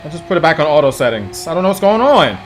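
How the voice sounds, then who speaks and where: A man streams a racing game, his fairly high voice leaping around as he curses at it. He swings from sharp outbursts to low, fed-up muttering. Faint music plays underneath. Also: sing-song, fast talker. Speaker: gaming streamer. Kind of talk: live gameplay commentary.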